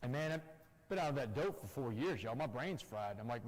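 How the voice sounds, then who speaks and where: In a church hall full of long reverb, a Texan guest speaker delivers an emphatic personal testimony directly to the audience. He has a medium-pitched voice with big pitch swings and talks a little fast.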